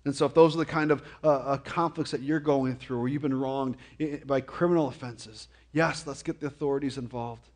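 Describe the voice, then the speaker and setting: A man preaching a conversational sermon as a pastor, often repeating and stumbling over words, with jokey, animated asides. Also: medium pitch, brisk. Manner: frequent stammered repetitions.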